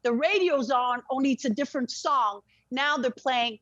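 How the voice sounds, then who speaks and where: A woman with a high voice tells a deeply personal story as an interview guest. She is animated and swears freely, often breaking off and restarting her sentences. The sound is dull and lo-fi, with a dry, close feel. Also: normal speed, no echo.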